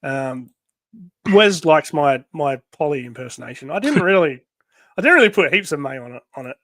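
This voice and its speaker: A man hosting a live comic read-through, rambling with many pauses and laughs. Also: a little high, big pitch swings, a bit bright, dry recording. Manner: rambling, full of ums and laughs. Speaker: host. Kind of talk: casual live-stream chat.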